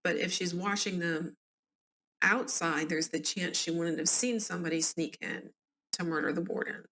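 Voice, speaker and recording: A Southern-accented woman hosts a true-crime reading, breaking off for chatty asides to her listeners. Her voice sits lowish, and her tone is conversational and casual. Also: moderate pace, fairly bright tone, a little hiss or hum. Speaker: podcast host.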